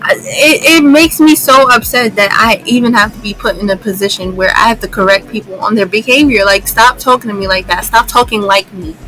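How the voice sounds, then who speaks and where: A woman's voice: mid-range voice, a little fast, few pauses, bright, forceful tone, faint music behind, low-quality recording. A young woman vlogger ranting in exasperation, repeating her lines for emphasis. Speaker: YouTuber. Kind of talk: vlog commentary rant.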